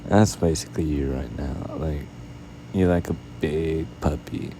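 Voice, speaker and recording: A tired man yawning constantly while speaking softly and sweetly as a doting boyfriend in a whispered role-play, drifting into whispers. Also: very deep voice, unhurried, slight background noise, rough recording. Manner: soft-spoken, affectionate, drifting into whispers.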